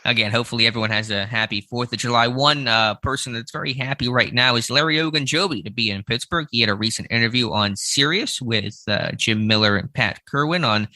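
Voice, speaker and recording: Bright-voiced man co-hosting a podcast. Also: mid-range voice, dry recording. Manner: easygoing, plainspoken, slow formal show opening. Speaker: podcast co-host. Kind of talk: casual sports podcast chat.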